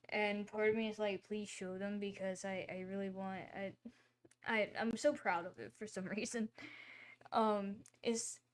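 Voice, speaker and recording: A woman chats casually as she hosts her own livestream, wandering from thought to thought. Her talk is full of fillers and quick apologies, and her voice sits at an ordinary, middle pitch. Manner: rambling, chatty, with many fillers and apologies. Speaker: livestream host.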